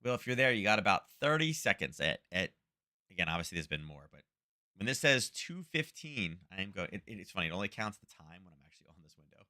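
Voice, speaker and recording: A man running a casual live trading stream in a low, pressing, forceful voice. He thinks out loud, keeps checking in with "right?", and chats with regular viewers by name. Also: very animated, fast. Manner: thinks aloud, frequent "right?" tags; chatty, greets viewers by name. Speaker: trading livestream host. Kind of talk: casual live market commentary.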